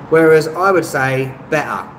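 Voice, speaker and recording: A man with a London Estuary accent chats away on a live stream, reading comments, rambling and filling the gaps with um. His voice sits at an ordinary middle pitch. The room is echoey, with steady noise and traffic in the background. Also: normal speed. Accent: Estuary English, London. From London, England. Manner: rambling, lots of ums and restarts, chatty and self-mocking. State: tired, no rest. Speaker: travel vlogger on a live stream. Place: rented room indoors.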